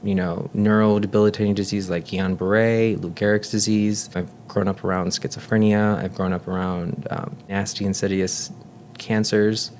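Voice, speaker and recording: A man in his thirties, a nurse and guest, telling personal stories in an earnest, talkative way and dropping soft and low when he reflects. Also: flat delivery, moderate pace, a little hiss or hum. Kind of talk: casual chat.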